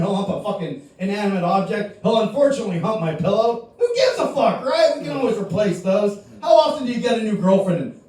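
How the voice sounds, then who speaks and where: A man, a comic, ranting crude and profane in a stand-up debate, often shouting. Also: sits high. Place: comedy club stage. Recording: very echoey room from far off.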